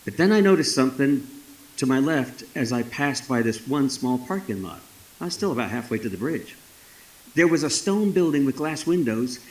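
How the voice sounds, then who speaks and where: A man's voice: mid-range voice, reverberant, low-quality recording. A man in his sixties from Texas, telling a story live at a festival in a folksy, dramatic way with wry asides. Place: festival stage.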